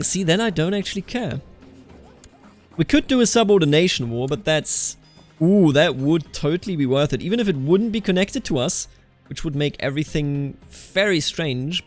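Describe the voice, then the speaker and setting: A man's voice: fairly high pitch, animated, normal speed, soft background music. Chatty man narrating gameplay. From Germany. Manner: chatty, talks to game characters. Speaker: let's play host. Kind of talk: casual game commentary.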